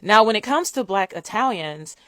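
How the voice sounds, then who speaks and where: A woman's voice: mid-range voice, animated, moderate pace, a bit bright, no echo. Chatty American woman with a dry sound. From United States. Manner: chatty, direct, lots of fillers like "like" and "um". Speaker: vlogger. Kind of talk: casual commentary to camera. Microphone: phone.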